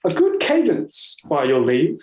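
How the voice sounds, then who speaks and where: An actor playing a playful male poet who savours phrases, with lively, stammering Elizabethan stage delivery. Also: a little high, measured pace, reverberant.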